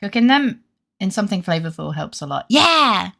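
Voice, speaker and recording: Woman streamer, bright and lively delivery, giggly, swears casually. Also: mid-range voice, normal speed, gravelly. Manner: giggly, chatty, swears freely. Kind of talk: casual live-stream chat.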